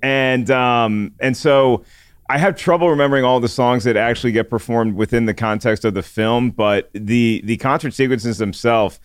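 A man with a smooth, clean voice recorded dry and close chats on a podcast. He pauses and restarts while gathering his thoughts. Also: mid-range voice, dry recording. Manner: thoughtful, halting, restarts words. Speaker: podcast co-host. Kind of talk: casual chat.

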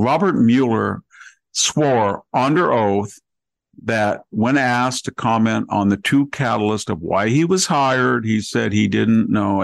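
A man hosting a political podcast who piles up grievances in a sarcastic, rapid-fire way, recorded close on a studio mic. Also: fairly low pitch, gravelly, dry recording, poor audio. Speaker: podcast host. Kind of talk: political commentary conversation.

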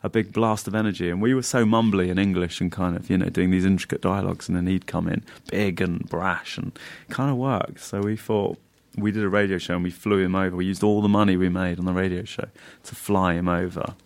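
A man with a very low, gravelly voice tells rambling stories as a guest in a relaxed interview. He laughs as he goes and drops into little performed voices for the people he quotes. The delivery is loose and anecdotal. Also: a little fast. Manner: rambling, laughs while telling stories, acts out quoted lines. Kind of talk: casual anecdotal storytelling.

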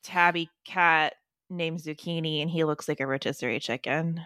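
A woman's voice: deep voice, fairly even intonation, moderate pace, fairly bright tone, clear, resonant tone, dry recording, clean studio sound. A young woman guesting on a podcast from home, chatting eagerly and filling her talk with "like". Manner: chatty and enthusiastic, many "like"s. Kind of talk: casual podcast chat. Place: home room with pets nearby.

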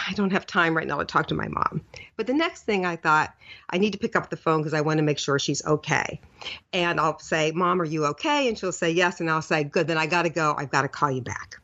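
A middle-aged woman hosting a podcast, telling a lively personal story in a casual way, laughing now and then, recorded in a hotel room. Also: fairly low pitch. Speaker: podcast host. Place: hotel room, seated on the floor. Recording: dull lo-fi recording.

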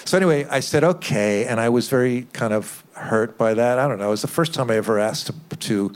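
An older man, a record producer, telling lively anecdotes in an interview, acting out quotes and chuckling. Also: mid-range voice, quick pace. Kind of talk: interview storytelling.

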